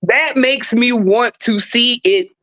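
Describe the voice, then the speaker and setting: A podcast guest chatting casually about movies, in a relaxed, playful, drawn-out way. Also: medium pitch, no echo. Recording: dull, dry recording.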